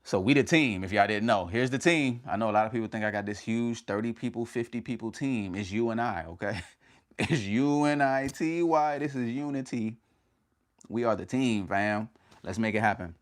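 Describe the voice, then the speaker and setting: A man with a fairly low voice hosts a casual motivational livestream. He is energetic and slangy, calls his viewers fam and talks in short punchy bursts. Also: fairly quick. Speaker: motivational YouTuber hosting a livestream.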